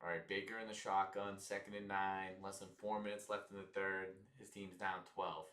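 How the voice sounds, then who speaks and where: Casual lower-voiced man in an echoey room. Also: flat delivery, normal speed, fairly bright tone. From United States. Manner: loose, chatty, reacting to plays, mock ad reads. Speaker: host of a live football watch-along stream. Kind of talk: casual live game commentary and reactions.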